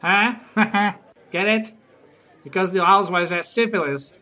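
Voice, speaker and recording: A man's voice: high voice, unhurried, pushed and bright, some chatter behind. A man doing a stand-up comedy routine, chatty, teasing the audience and giggling at his own jokes.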